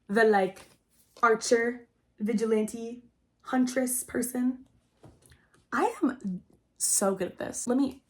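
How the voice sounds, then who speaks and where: A young adult woman hosting a casual storytelling chat, rambling and excitable, saying "like" constantly. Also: fairly high pitch. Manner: rambling and excitable, heavy use of "like". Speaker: host.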